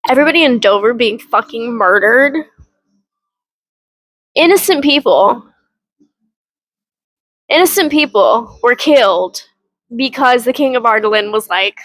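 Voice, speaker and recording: A woman's voice: high voice, a bit bright, low-quality recording. A woman giving a casual reading update as a book vlogger, chatty and rambling, with frequent laughs and some swearing.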